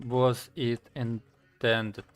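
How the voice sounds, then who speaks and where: A man chats casually on a live stream as he builds his game. His voice is smooth and resonant, and he halts often to think, with lots of fillers. Soft music plays faintly underneath. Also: medium pitch, flat delivery. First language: Slovak. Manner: halting, many fillers and restarts, thinking aloud. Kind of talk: casual live-stream chat while coding.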